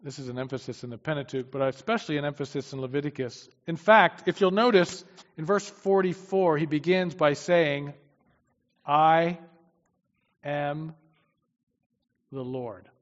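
Emphatic male preacher in a reverberant hall. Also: a little fast. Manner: emphatic, swings from loud declarations to low asides. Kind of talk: sermon. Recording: dull, long-reverb hall sound.

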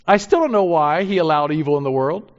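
A man preaching a sermon in an earnest way, rising to emphatic peaks and then dropping soft. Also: a little high, lively intonation, a little fast. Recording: dull lo-fi sound.

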